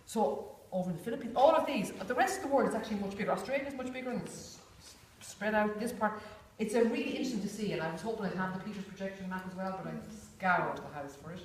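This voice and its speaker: A woman's voice: mid-range voice, fast, few pauses. A woman leads a workshop group in a chatty, informal way, often saying "you know" and acting out little voices. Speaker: workshop facilitator. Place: large echoey room with a group. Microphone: distant room mic. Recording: echoey room, far from mic, faint hiss.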